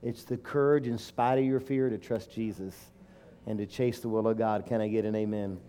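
A man's voice: fairly low pitch, fairly even intonation, normal speed, mellow. A middle-aged man preaching a sermon and telling a personal story, emotional and emphatic, rising to fervent declarations.

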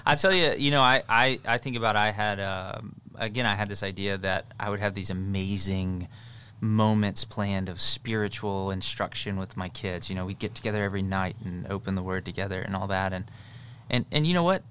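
A man in his thirties tells family stories on a podcast, his voice jumping up in bursts of excitement. He restarts his sentences often and moves quickly from one thought to the next, chatty and unpolished. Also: deep voice, a little hiss or hum. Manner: animated storytelling with frequent restarts and fillers. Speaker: podcast co-host, father. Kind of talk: casual podcast conversation.

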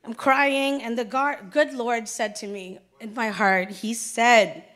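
Slow and fairly even in intonation, a young woman's slightly bright, high-leaning voice carries her church testimony. Casual in manner, she acts out conversations and hits her points emphatically.

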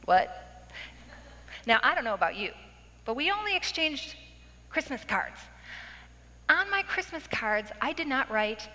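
A woman in her forties giving her testimony in a church, telling her story with big animated swings. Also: sits high, unhurried, pauses often. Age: 40s. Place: church worship center. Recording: long hall reverb.

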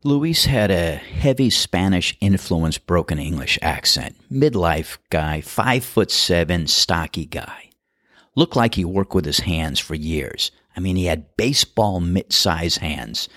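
A middle-aged man hosts a podcast and tells stories in a relaxed, chatty, amused way. His voice is very low. It is recorded on a close mic in a dry, dead space. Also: measured pace, dry recording. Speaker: podcast host and golf course starter. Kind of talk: storytelling monologue.

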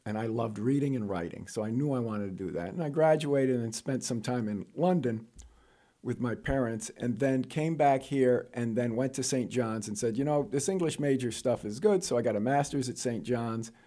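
A middle-aged man from New York telling stories of his career as an interview guest, jokey and animated, jumping up in pitch for punchlines. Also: moderate pace. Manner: animated, jokey storyteller with sudden high-pitched asides. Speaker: guest, college administrator. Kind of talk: casual storytelling interview.

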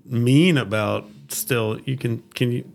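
Gravelly man, musing. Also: medium pitch, slow pace, faint music behind. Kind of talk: casual discussion.

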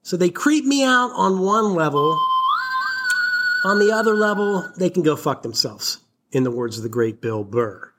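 A man with a notably high-pitched voice hosts his own comedy podcast alone. He talks in a swaggering, mock-indignant way, swearing freely and puffing himself up as he rants. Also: animated, normal speed, over loud music. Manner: mock-indignant, profane, boastful. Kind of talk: solo comedy podcast rant.

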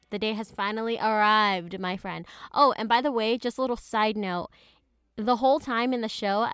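A young woman speaking into the mic from a small closet, her voice smooth and clear with a dry, close sound. She retells a story in casual podcast chat, slangy and full of side notes. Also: mid-range voice, no room sound. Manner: chatty, slangy storyteller with frequent asides. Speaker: podcast host. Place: closet at home.

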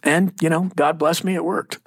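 Gravelly middle-aged Texan pastor. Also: male voice, on the high side, steady tone, normal speed, no echo, studio quality. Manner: storytelling, acts out quoted voices. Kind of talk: casual podcast conversation.

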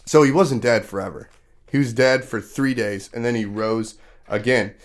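A man's voice: medium pitch, normal speed. Man casually telling children a story. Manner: casual, asks the kids questions; loose storytelling with many fillers. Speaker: podcast host. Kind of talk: retelling a Bible story to children.

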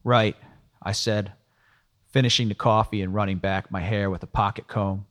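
Man, audiobook narrator, first-person, dry, sardonic, low-pitched. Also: level tone, moderate pace.

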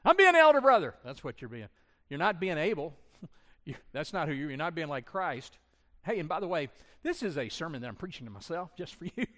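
A man's voice: a little high, animated, fairly quick, fairly bright tone. A man preaching a sermon as pastor, conversational and self-deprecating, acting out the voices he quotes. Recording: long reverb of a large hall.

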